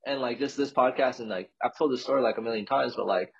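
A man's voice: mid-range voice, brisk, few pauses, breathy edge. A man in his thirties from California, a podcast guest telling his story in a loose, slangy way full of "like". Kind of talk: casual storytelling chat. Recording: dull lo-fi recording.

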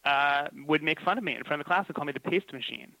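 A man's voice: fairly high pitch, fast, no room sound, poor audio. A man who works as a comedy writer, chatting casually and telling stories with plenty of laughter. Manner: animated storytelling with frequent laughs. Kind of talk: casual chat.

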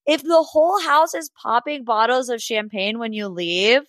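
A woman's voice: a little high, normal speed, few pauses, a bit bright, no echo. Sassy woman dishing reality TV gossip. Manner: sassy and gossipy, talks straight to people she discusses; chatty, with frequent "like" and laughs. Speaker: podcast host. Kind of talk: casual reality TV recap.

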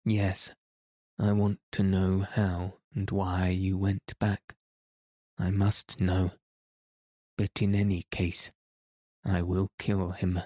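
A man's voice: low-pitched, monotone, slow, long pauses, mellow, dry recording, studio quality. A man voicing a jealous young nobleman with an urgent, demanding manner in an audiobook reading. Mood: vengeful.

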